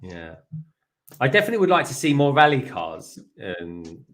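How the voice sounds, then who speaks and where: A man's voice: medium pitch, wildly swooping pitch, normal speed, a bit bright. A British man co-hosting a livestream, chatting casually and hesitating with repeated words. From United Kingdom. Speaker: livestream co-host. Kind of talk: casual chat.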